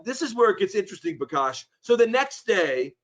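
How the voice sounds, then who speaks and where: A man's voice: high-pitched, brisk, highs cut off. A man telling a story in a casual interview, acting out the voices of the people in it. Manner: animated, acts out quoted voices. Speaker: interview guest.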